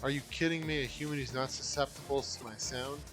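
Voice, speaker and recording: A man's voice: medium pitch, fairly even intonation, fast talker, close to an everyday voice. A man voicing a spiteful, taunting Digimon villain from a game, over game music. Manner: taunting, scornful.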